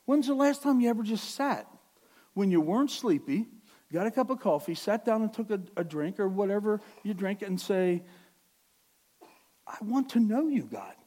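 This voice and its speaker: Middle-aged male pastor, high and lively pitch, chatty sermon with self-corrections and sudden loud bursts. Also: normal speed. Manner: animated, swings from quiet to near-shouting; self-correcting, conversational with asides.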